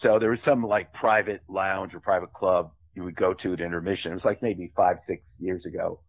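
An older man who works as a film director tells rambling, chatty anecdotes full of asides during an interview. His voice is low and fairly quick, with fairly even intonation, and it comes through a tinny, phone-like remote line.

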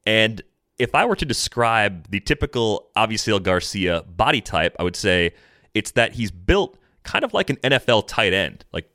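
A man's voice: fairly low pitch, big pitch swings, normal speed, pushed and bright, no echo, clean studio sound. A man hosting a podcast, upbeat and conversational as he steers the chat. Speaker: podcast host. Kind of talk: casual chat.

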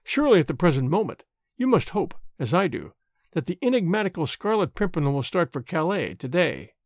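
A desperate noblewoman, as a male narrator voices her, urgent and pleading in a high, lively tone. The storybook reading is close and dry. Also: a little fast, dry recording.

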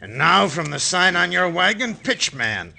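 An actor in an old radio playing a ruthless escaped convict with a drawl, gruff and threatening. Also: male voice, sits high, very animated, measured pace, bright, forceful tone, slight background noise, exaggerated voice. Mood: menacing. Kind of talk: 1950s radio drama acting.

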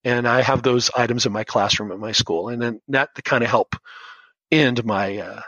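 A man's voice: medium pitch, moderate pace, sharp tone, no room sound, muffled recording. A man in his fifties, a schoolteacher telling his own story earnestly in a podcast interview, often restarting his sentences. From United States. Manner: earnest, rambling with frequent restarts. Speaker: guest, schoolteacher.

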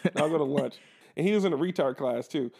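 A young man with a slightly high voice tells a story in loose podcast chat. He gets animated, laughs often and acts out every person in the tale. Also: fast talker, vocal fry, breathy edge. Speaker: podcast co-host.

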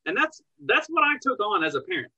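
A man's voice: high voice, big pitch swings, a little fast, sharp tone, husky, lo-fi sound. A man who is a parent, talking casually on a podcast, blunt and profane, who gets heated and angry as he talks. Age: parent of young children.

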